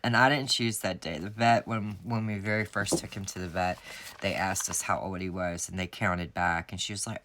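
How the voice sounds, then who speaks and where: A woman who runs a planner sticker shop chats casually with her viewers while setting up a planner in a vlog, rambling in a friendly way. She has a bass voice with a fairly bright tone and speaks at a normal speed.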